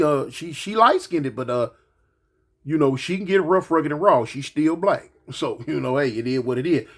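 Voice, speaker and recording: A man in his forties, a grandfather, telling a story in a casual monologue and acting out the quotes. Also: a little high. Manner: animated, acts out quotes, repeats words.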